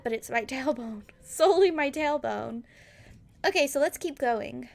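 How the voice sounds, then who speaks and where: A woman's voice: high-pitched, expressive, creaky, darkish tone, soft background music. A young woman giving casual, giggly gaming commentary. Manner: giggly, quick asides. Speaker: streamer.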